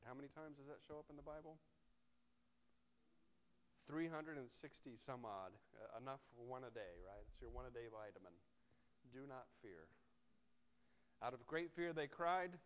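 A man preaching a sermon in a conversational, wry way, often tossing in "right?" and swinging between soft, low reflection and loud, animated emphasis. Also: moderate pace. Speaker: pastor.

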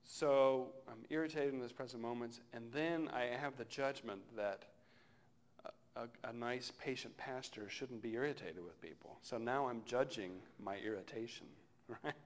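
A male pastor giving a sermon in a relaxed, conversational way, often trailing off softly at the ends of phrases. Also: medium pitch, moderate pace. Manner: conversational, reflective, often dropping to a soft close.

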